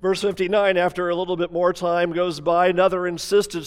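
A man preaching a sermon. He tells the story dramatically, moving between emphatic passages and hushed ones. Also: high-pitched, fairly even intonation, moderate pace, few pauses, clear, resonant tone. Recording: long reverb of a large hall.

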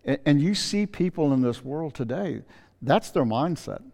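Man, pastor, sermon, earnest and pleading, warm mellow tone, long hall reverb. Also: a little high, expressive, creaky. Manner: earnest, pleading, reads scripture aloud with slow emphasis.

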